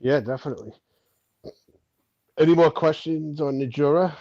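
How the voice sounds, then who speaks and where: A man's voice: on the high side, normal speed, mellow, dry recording. Chuckling man with dull lo-fi sound. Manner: short replies, chuckling. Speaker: live-stream co-host. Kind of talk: casual chat.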